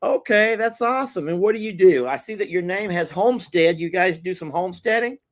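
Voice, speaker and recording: A man's voice: sits high, lively intonation, brisk. A man hosting a casual live chat with callers, teasing them in a folksy way and laughing easily. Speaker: host.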